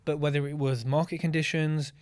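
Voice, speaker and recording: A man talks in a casual interview with a voice pitched a bit high. He is blunt and candid, swears without hesitation, and acts out the scenes he describes in lively asides. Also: fairly quick, clean tone. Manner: animated storytelling with acted-out asides. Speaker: podcast guest, property investor.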